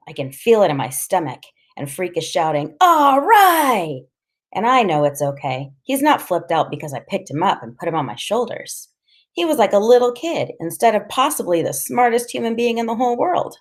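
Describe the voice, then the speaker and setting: A woman's voice: lowish voice, darkish tone. A woman reading a first-person story aloud in a casual, slangy storytelling manner. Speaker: audiobook reader.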